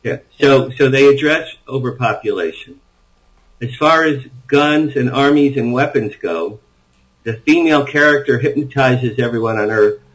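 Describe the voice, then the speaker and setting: A man speaks as an interview guest, eagerly laying out ideas in long runs and restarting his sentences as he goes. His voice sits at a middle pitch for a man. The audio is dull and lo-fi. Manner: enthusiastic, rambling storyteller with frequent restarts. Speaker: author guest. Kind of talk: interview conversation.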